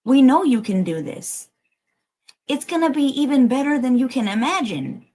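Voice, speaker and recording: A woman's voice: high-pitched, animated, moderate pace, dark tone, slight background noise, poor audio. A woman giving a livestreamed collective tarot reading, emotional and emphatic, urging listeners on and swearing casually. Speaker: tarot reader.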